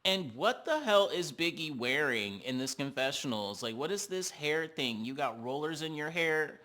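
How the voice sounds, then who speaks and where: A man hosting a reality TV recap, talking in a sassy, animated, slangy way. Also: fairly high pitch, normal speed. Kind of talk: casual commentary.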